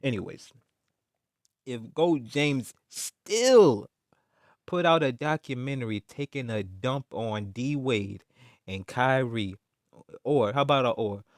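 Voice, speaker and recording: A man's voice: mid-range voice, expressive, takes it slowly, no room sound, studio quality. A man ranting in casual chat about sports, emphatic and repetitive, full of slang and mocking jabs, tacking "man" onto his lines. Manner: mocking, insistent. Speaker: sports commentator vlogger. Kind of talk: heated casual rant.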